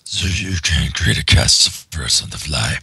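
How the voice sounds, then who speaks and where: An abyssal demonic growl for a gentle sun empress, extremely low and gravelly. The voice is husky and raspy, yet has a bright, forceful edge to it. She sounds laid-back and deadpan, as if she were reading a comic aloud. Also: normal speed, no echo, exaggerated voice. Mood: calm. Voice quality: deep guttural demon growl. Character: solar goddess empress with demonic voice.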